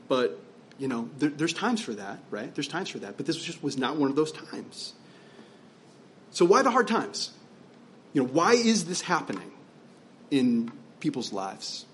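A man's voice: mid-range voice, slight background noise. A man preaching as pastor, conversational and emphatic, asking his listeners rhetorical questions. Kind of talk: sermon.

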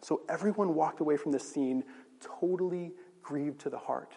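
A man's voice: on the high side, normal speed, gravelly, mellow, husky. A male pastor preaching a sermon, conversational and asking the audience rhetorical questions. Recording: long reverb of a large hall.

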